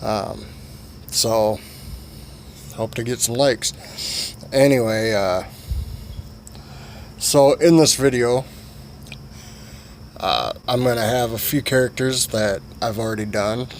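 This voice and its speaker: A man's voice: mid-range voice, takes it slowly, long pauses, slight background noise. A man vlogging a comic story in a rambling, profane way with many fillers.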